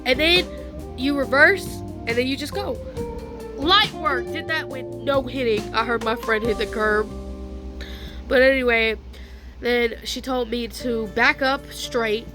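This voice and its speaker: Young woman, casual vlog storytime, slangy chatter, somewhat high voice, faint music behind. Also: measured pace. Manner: chatty, slangy, laughs often. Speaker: vlogger. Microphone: phone.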